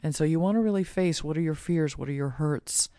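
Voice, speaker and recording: A woman's voice: fairly quick, no room sound. Earnest middle-aged woman, dry close sound. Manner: warm, earnest, laughs often, acts out quotes in a high voice. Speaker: guest, author and shamanic practitioner. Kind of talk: casual interview talk.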